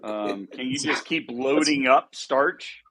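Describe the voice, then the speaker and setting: A man's voice: medium pitch, takes it slowly, bright, forceful tone, rough recording. Curious male podcast co-host. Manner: short reactions and curious questions. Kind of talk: casual chat.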